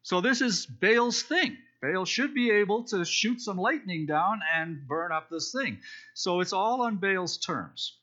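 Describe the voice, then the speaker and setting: In a dull lo-fi recording, a preacher teaching a Bible study delivers a conversational sermon, casually explaining and retelling a scripture story amid fillers and restarts. He speaks a little slowly in a high-pitched, sharp voice with lively intonation.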